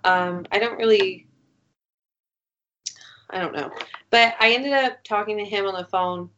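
A woman's voice: mid-range voice, a little slow, a bit bright, slight background noise. A young woman in casual chat, telling a story in a rambling way, full of "like" and swearing. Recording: dull lo-fi recording.

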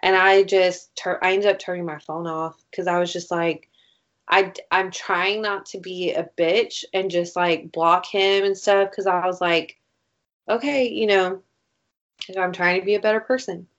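A woman's voice: on the low side, steady tone, unhurried, fairly bright tone. A young woman in casual chat, telling a story in a rambling way, full of "like" and swearing. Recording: dull lo-fi recording.

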